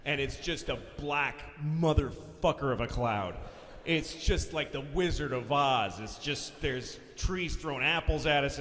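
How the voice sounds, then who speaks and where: A man telling a stand-up story, animated and profane, often shouting his punchlines. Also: medium pitch. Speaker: stand-up comedian. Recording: reverberant live venue, faint hiss.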